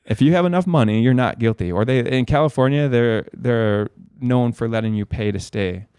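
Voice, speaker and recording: A man's voice: medium pitch, normal speed, darkish tone, smooth, no echo, clean studio sound. A man as a podcast guest, telling a long story in a rambling way, swearing a lot. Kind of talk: casual storytelling.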